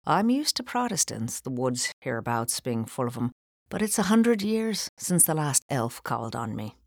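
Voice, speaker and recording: A woman reading aloud, voicing a big, kindly priest who teases gently and slips into whispers. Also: very deep voice, big pitch swings, moderate pace, dry recording, studio quality, full character voice. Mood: playful. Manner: teasing, mellow and throaty, sometimes whispering. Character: Father Cassidy, genial Irish priest, big man. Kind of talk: audiobook character voice.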